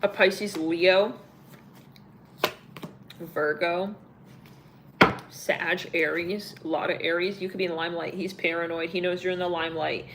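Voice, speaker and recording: A woman's voice: lowish voice, steady tone, unhurried, pauses often, background noise. A young woman doing a casual live tarot reading, rambling and blunt, full of filler words and swearing. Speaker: tarot reader.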